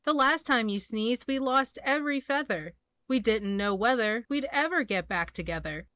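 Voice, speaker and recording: A woman's voice: fairly high pitch, expressive, normal speed, fairly bright tone, no echo, voice pushed up. A woman voicing a flock of flustered birds in a storybook, complaining in fluttery rhyme.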